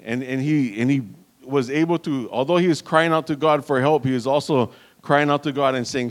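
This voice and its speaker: A man's voice: mid-range voice, brisk. A man preaching a sermon in an earnest manner, calling out to the congregation and restarting phrases as he goes.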